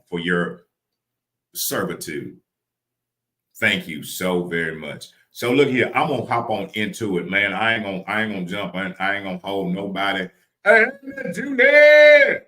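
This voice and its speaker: A man hosting a live stream, giving an inspirational porch talk full of drawn-out rhetorical questions. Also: low voice, bright, forceful tone, roomy sound. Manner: preachy, drawn-out rhetorical questions, calls out to viewers by name.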